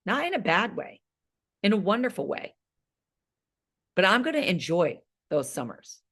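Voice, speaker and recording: Late-50s woman, fitness coach, energetic motivational pep talk, emphatic. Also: mid-range voice, normal speed. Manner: energetic, emphatic, frequent "right?" tags.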